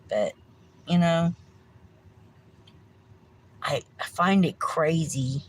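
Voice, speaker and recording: A woman's voice: deep voice, a little hiss or hum, low-quality recording. A middle-aged woman, hosting a livestream with a meandering rant, swearing freely and apologizing often. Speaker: livestream host.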